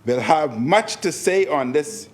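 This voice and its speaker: A man's voice: fairly high pitch, animated, slow pace. A man giving a parliamentary speech, stressing points by repeating phrases. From Bahamas. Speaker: member of parliament. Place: parliament chamber.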